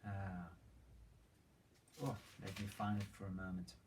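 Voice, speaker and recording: A man preaching a sermon as a story, retelling it with dramatic emphasis and hushed moments. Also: deep voice, little pitch movement, unhurried. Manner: dramatic retelling, swings between loud emphasis and hushed whispers. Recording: distant mic with faint background noise.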